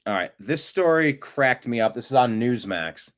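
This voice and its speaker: A man's voice: medium pitch, lively intonation, moderate pace, a bit bright. Rambling, amused male show host. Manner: rambling, amused, frequent restarts. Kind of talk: casual news commentary.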